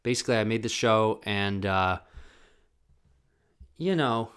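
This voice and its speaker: A man's voice: fairly low pitch, expressive, a little slow, fairly bright tone, smooth. A young man hosting his own solo podcast from home, talking in a rambling, profane, self-mocking way. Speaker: podcast host. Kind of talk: casual solo monologue. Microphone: desk camera mic with ring light.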